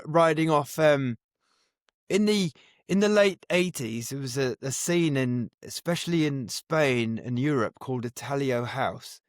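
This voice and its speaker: A man's voice: on the high side, dry recording. Dry-voiced man reminiscing. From England. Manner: reflective, restarts phrases often. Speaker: guest DJ. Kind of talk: casual interview storytelling.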